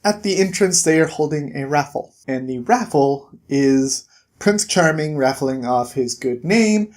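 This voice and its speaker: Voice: medium pitch, lively intonation, unhurried, a little mellow. A comic book reviewer recapping an issue in a casual, chatty way and slipping into voices for the characters. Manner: chatty, retelling plot with voices.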